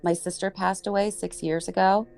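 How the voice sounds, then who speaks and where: A woman co-hosting a podcast, retelling film scenes in animated, laughing storytelling. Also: medium pitch, normal speed, vocal fry. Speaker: podcast co-host. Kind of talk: casual chat.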